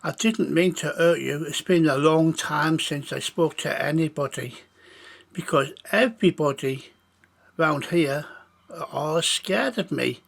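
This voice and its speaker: A man voicing a lonely, gentle giant who speaks hesitantly. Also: fairly high pitch, creaky, heavily acted. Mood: apologetic. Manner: hesitant, halting.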